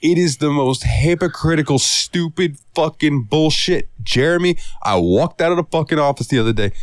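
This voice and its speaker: A man's voice: fairly low pitch, no room sound, studio quality. A young man co-hosting a podcast, telling a story in a profane, exasperated way and acting out the quotes. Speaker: podcast co-host. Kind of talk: casual storytelling chat.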